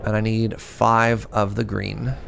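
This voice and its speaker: A man's voice: on the low side, flat delivery, slow pace, creaky, noisy background. A man streaming a game, chatting and joking playfully with his viewers while thinking aloud. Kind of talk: casual gameplay chat with viewers.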